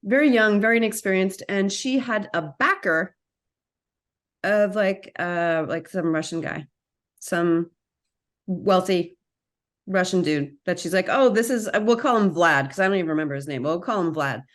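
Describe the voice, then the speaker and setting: A woman's voice: on the low side, normal speed. A woman, a massage therapist and actor, telling a story in a casual chat with frequent restarts and tangents over a video call. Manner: chatty, animated, sidetracks and restarts.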